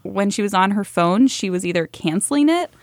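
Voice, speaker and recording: A woman's voice: mid-range voice, animated, a little fast, no room sound. A woman hosting a podcast interview, talking in a candid, reflective way. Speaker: podcast host.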